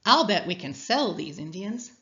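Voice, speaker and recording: Lady reading a loud pushy greedy explorer guy, bossy, swings all over, dull audio. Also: on the low side, big pitch swings, normal speed. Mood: scheming. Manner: bossy, brash. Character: greedy pushy male explorer, full of schemes.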